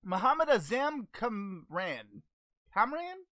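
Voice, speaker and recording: Speaking slowly in a sing-song, fairly high voice over a noisy crowd, a woman plays a cheerful, naive male alien martial-arts hero. As the channel host, she answers fan questions in character, goofy and easily distracted, with plenty of hesitant ums.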